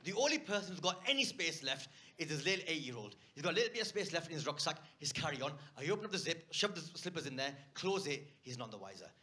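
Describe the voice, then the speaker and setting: A man doing stand-up, telling a story and acting out a shouting argument. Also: on the high side, big pitch swings, fast talker, few pauses. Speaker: stand-up comedian. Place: comedy stage before a live audience.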